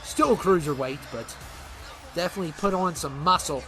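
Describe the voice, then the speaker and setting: A man's voice: a little high, fairly quick, music in the background. A man giving casual let's-play commentary on a wrestling game, dramatic and playfully indignant. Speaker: gaming commentator.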